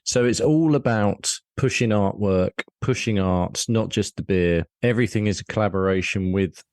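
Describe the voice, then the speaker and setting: A man co-hosting a casual podcast, talking in a relaxed, thoughtful way with small hesitations. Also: fairly low pitch, normal speed, dry recording, clean studio sound. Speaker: podcast co-host.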